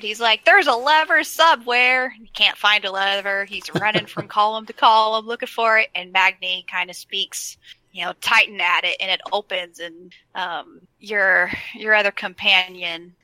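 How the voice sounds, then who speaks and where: A woman's voice: medium pitch, steady tone, normal speed, sharp tone, no room sound, poor audio. A woman co-hosting a casual gaming chat, recapping a quest with enthusiastic storytelling.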